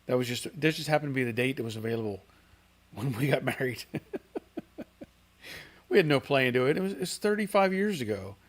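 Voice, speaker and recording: Middle-aged male livestream host, casual and rambling, mid-pitched. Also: animated, a little fast, pauses often. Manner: chatty, rambling, reads out viewer comments. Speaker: host of a car channel livestream.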